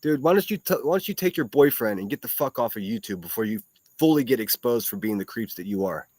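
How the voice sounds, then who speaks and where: A man's voice: mid-range voice, expressive, quick pace, darkish tone, no room sound. A man hosting a solo livestream podcast, ranting and hurling mocking, profane insults at critics. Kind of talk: ranting commentary reacting to clips.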